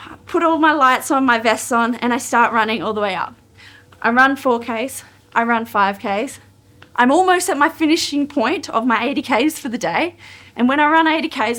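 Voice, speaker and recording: Australian woman, slightly high voice, heartfelt storytelling, animated quotes of dialogue. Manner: emotional, animated retelling of dialogue. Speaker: podcast guest telling her running journey. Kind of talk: personal storytelling.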